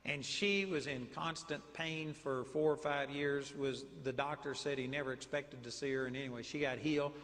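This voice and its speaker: A man's voice: medium pitch, normal speed, hardly any pauses, big-room sound. A man with a Texan accent preaching a sermon, telling stories and declaring with force. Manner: animated storytelling preaching, commanding declarations.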